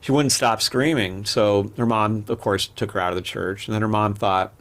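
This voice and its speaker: A man's voice: lowish voice, fairly even intonation, normal speed, fairly bright tone. A man, a podcast guest, telling rambling personal stories in a candid, casual way with frequent restarts. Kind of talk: casual interview storytelling.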